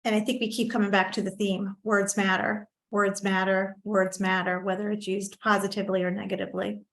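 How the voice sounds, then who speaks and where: Flat-toned woman moderator, echoey. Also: mid-range voice, fairly quick, a little hiss or hum. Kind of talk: moderating a virtual panel. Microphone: video call. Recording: roomy echo.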